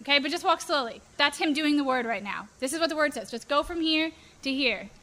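A young woman preaching to a youth group, animated and playful, acting out examples. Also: high-pitched, brisk. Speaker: youth pastor.

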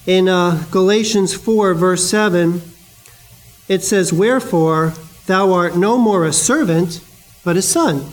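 Male preacher, high-pitched, casual storytelling delivery in a sermon. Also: slow, rough recording. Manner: conversational, storytelling with asides.

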